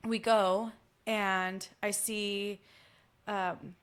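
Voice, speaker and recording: Texan woman, musician guest, casual chat, lively storyteller who acts out the dialogue. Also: medium pitch, drawn-out words, smooth.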